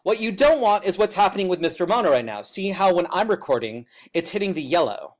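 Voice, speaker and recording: A man teaching a class how to use software, talking in a loud teacher voice, chatty and informal with plenty of asides. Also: sits high, expressive, a little fast.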